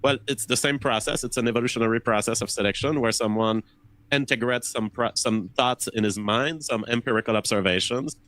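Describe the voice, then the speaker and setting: A man's voice: medium pitch, a little fast, a bit bright, poor audio. A man in a conversation earnestly explaining his ideas, often repeating words as he thinks. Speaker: interview guest.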